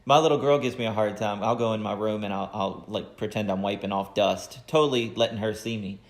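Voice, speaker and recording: A man hosting a podcast, telling his own stories in a relaxed, conversational way. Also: fairly low pitch, brisk, roomy sound. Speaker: podcast host. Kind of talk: casual interview chat.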